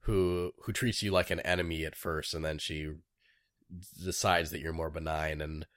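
A man's voice: very deep voice, level tone, moderate pace, fairly bright tone, no echo, studio quality. A man chatting casually about a video game, rambling with many fillers and enthusiasm.

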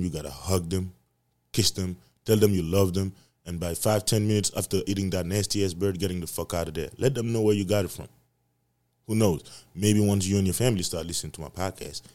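A man with a very low voice hosts his own podcast, rambling in a loose, profane monologue. He preaches and repeats his points for emphasis, going loud on some phrases and quiet on others. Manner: repetitive emphatic delivery, swinging loud and soft. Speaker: podcast host. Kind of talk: casual solo podcast monologue.

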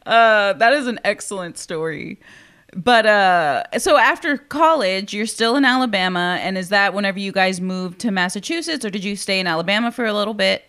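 A woman's voice: medium pitch, expressive, normal speed, fairly bright tone, smooth. Encouraging woman interviewer. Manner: encouraging, chatty. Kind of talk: casual interview chat.

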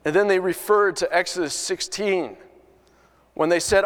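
A man's voice: sits high, normal speed, long reverb tail. A man preaching a sermon, telling a story in an earnest way with many restarts. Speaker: pastor.

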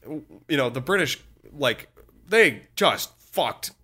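A man casually telling a history story as a podcast co-host, animated and profane, slipping into voices for quotes. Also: medium pitch, slow, breathy edge.

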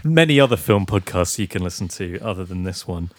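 A man's voice: deep voice, lively intonation, brisk, no room sound. A man chatting casually as a podcast co-host reviewing a film, wry and laughing as he talks. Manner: wry, laughs while talking.

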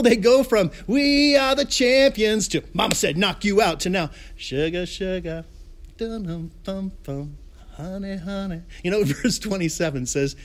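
Preaching online, this male pastor has a bright, high voice that bounces around in pitch. His storytelling is playful, sprinkled with pop-culture gags and little chuckles as he goes.

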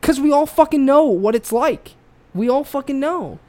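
A man's voice: extremely high pitch, normal speed. A man co-hosting a casual podcast, swearing freely and telling a story with rising feeling. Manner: profane, animated storytelling. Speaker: podcast co-host.

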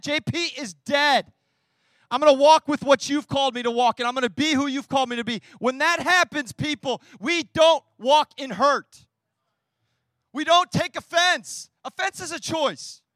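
High-voiced passionate young male pastor. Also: no echo. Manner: passionate, swinging between hushed and loud. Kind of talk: sermon.

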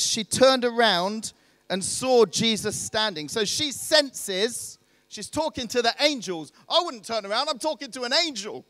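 A man with a notably high voice delivers a storytelling sermon, talking to his listeners conversationally and posing questions as he goes. The sound is close and dry, with almost no room echo. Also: measured pace, bright, forceful tone. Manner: conversational, asks rhetorical questions. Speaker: preacher.

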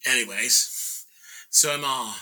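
A man's voice: medium pitch, poor audio. A middle-aged man casually telling a story, acting out other people's lines and often laughing. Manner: animated, acts out quoted voices, laughs often. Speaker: guest painter telling a story.

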